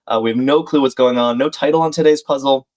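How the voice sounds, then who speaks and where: A man's voice: mid-range voice, quick pace, a little mellow. A man hosting a live crossword stream, thinking aloud, reading out clues and viewers' names, and chatting with them as he solves. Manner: thinks aloud, reads chat names and clues, friendly asides. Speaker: livestream host. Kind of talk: live crossword solving chat.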